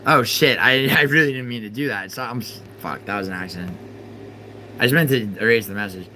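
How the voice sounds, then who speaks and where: A man hosting a live stream, arguing with his chat and swinging from exasperated outbursts to low muttering. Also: fairly quick, pushed and bright, slight background noise. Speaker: livestream host.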